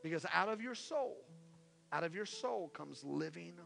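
A male pastor preaching a sermon, repeating his calls and swinging from hushed pleas to loud exhortations. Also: fairly high pitch, lively intonation, normal speed, gravelly. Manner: impassioned, repetitive exhortations, swings from hushed to shouting. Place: church sanctuary. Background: soft worship music.

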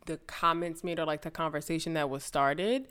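A blunt woman gives her opinions in casual chat as co-host. Her voice sits a little low. She swears casually and speaks her mind. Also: normal speed, a bit bright, smooth. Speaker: podcast co-host.

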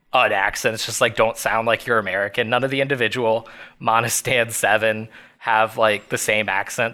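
A man's voice: mid-range voice, bright, forceful tone. A man co-hosting a podcast, rambling through a casual recap of a sitcom episode with frequent laughs. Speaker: podcast co-host. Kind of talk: casual chat.

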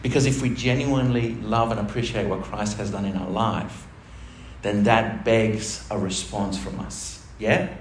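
Unhurried and fairly low-pitched, with fairly even intonation, a pastor preaches a chatty sermon sprinkled with jokes and laughter. The roomy church hall recording carries faint noise.

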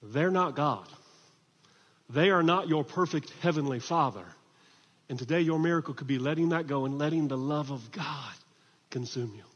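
Pastor, male, high voice, lively sermon delivery, muffled echoey hall sound. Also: moderate pace, husky. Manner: animated, swings from hushed to shouting. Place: church hall.

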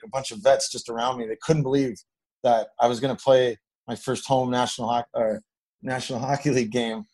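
Middle-aged ex-player, relaxed rambling storyteller, mid-range voice. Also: male voice, mid-range voice, low-quality recording. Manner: rambling, animated when quoting others. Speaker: former hockey player guest. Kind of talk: casual storytelling.

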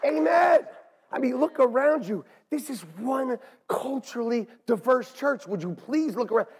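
A man preaching a sermon as pastor in a church, animated and swinging between hushed asides and shouts. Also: very high-pitched, normal speed, some chatter behind. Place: church sanctuary. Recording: long hall reverb.

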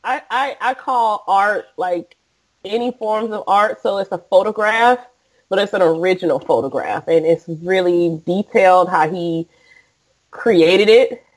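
A woman co-hosting a casual podcast chat, speaking in a relaxed, hesitant way with frequent restarts. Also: medium pitch, measured pace, rough recording. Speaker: podcast co-host.

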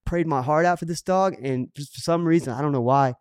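A man's voice: on the high side, fairly quick, clear, resonant tone, dry recording, clean studio sound. A middle-aged man on a podcast, telling an earnest story in casual chat and acting out the quotes. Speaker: podcast co-host.

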